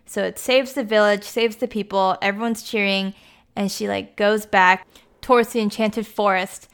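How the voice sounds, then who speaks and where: A woman's voice: medium pitch, fairly even intonation, normal speed, fairly bright tone, clean tone. A woman giving a casual, chatty recap, with lots of "like" and "you know" as she talks.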